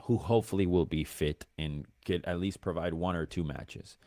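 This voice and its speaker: Deep-voiced American man, dry close sound. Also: fairly even intonation, moderate pace, a little mellow, no echo. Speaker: guest pundit. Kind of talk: casual football chat.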